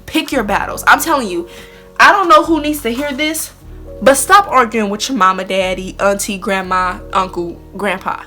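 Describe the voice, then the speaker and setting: A young woman chatting candidly to camera as a vlogger, blunt and expressive, speaking straight to her viewers. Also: mid-range voice, normal speed, faint music behind. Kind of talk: candid casual chat to camera.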